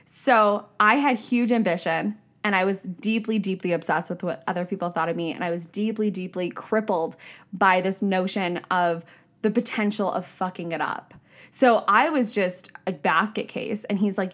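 A young woman hosting a solo podcast, talking candidly and casually, with swearing and fillers, lively when she quotes herself. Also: mid-range voice, moderate pace. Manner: animated, shifting pace, upward bursts when quoting herself. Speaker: podcast host. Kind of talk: reflective solo podcast monologue.

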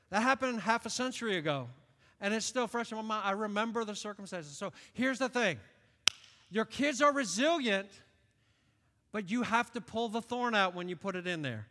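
A man in his late fifties from upstate New York, preaching a sermon in an animated storytelling way. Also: high voice. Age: late 50s. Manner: animated storytelling, acts out quoted voices. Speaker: pastor. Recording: long reverb of a large hall.

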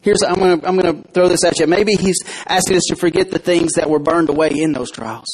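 Husky high-voiced male pastor preaching. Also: brisk, poor audio. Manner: conversational preaching with questions to the congregation. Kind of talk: sermon. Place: church.

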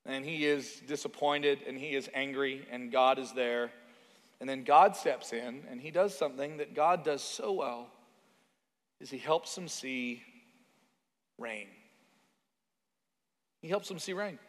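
A man's voice: medium pitch, measured pace. A man preaching a sermon as pastor, in a conversational way with asides and stories from his own life. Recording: long reverb of a large hall.

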